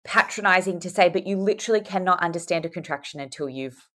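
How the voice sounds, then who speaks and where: Young woman, podcast guest on a video call, lowish voice, chatty and animated. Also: fast. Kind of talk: casual chat.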